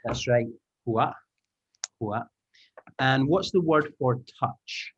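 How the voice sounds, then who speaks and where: Through a muffled video-call connection with a little hiss or hum, a mid-range man speaks at a measured pace. He's an English teaching trainer leading an online language-teaching taster class, upbeat and encouraging as he explains sounds step by step.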